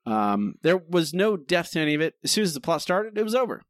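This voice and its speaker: A man's voice: fairly high pitch, big pitch swings, a little fast, no room sound, studio quality. A man co-hosting a podcast, critiquing an episode in a casual, exasperated way. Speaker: podcast co-host.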